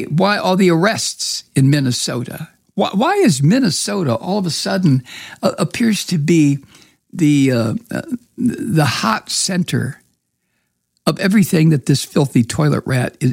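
A man giving opinionated news commentary, angry and sarcastic, swearing often and pausing on many fillers. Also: on the high side, expressive, creaky, breathy edge, dry recording, studio quality. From Georgia. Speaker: political commentator.

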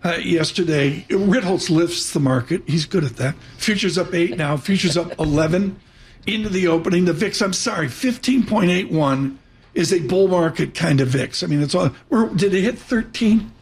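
A man with a fairly high voice hosts a live financial broadcast. He talks quickly and casually, hopping from market numbers to his guest without pausing. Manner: quick, chatty, jumps between topics. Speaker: radio and TV markets host.

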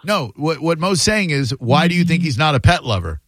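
A man hosting a call-in radio show, teasing and mocking his callers in quick banter from a studio microphone. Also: on the high side, very animated, a bit bright, no echo.

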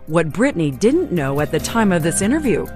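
A woman correspondent giving measured, dramatic scripted documentary narration. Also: on the low side, sing-song, a little mellow. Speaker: TV news correspondent. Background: music underscore.

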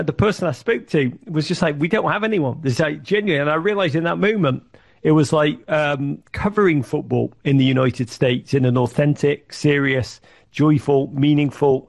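A middle-aged man giving an animated interview, full of restarts and acted-out quotes. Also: a little high, creaky. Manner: animated, acts out quoted voices, many restarts. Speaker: podcast network founder, guest. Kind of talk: conversational interview storytelling.

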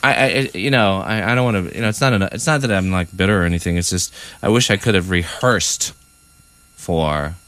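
A man doing a rambling, self-mocking stand-up bit on a radio show, slipping into quick mimicked voices. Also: sits low, fairly bright tone, no echo. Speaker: stand-up comedian. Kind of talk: stand-up comedy set.

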